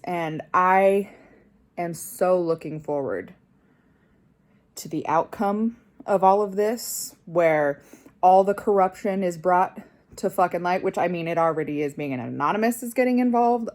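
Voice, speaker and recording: A woman's voice: on the low side, darkish tone. A young woman vlogger delivering an angry personal rant, swearing constantly and getting more heated.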